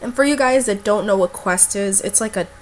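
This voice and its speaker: A woman's voice: medium pitch, a little fast, slight background noise. A young woman vlogger telling a personal story in a casual, blunt way, with lots of fillers and swearing.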